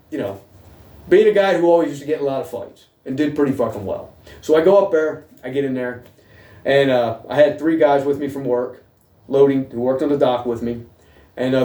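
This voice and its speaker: A man's voice: medium pitch, warm tone, distant mic. Blunt, swearing man in an echoey room. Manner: blunt, heavy swearing, repeats "okay?". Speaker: host telling his own story. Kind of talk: casual storytelling monologue. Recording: roomy echo, voice away from mic.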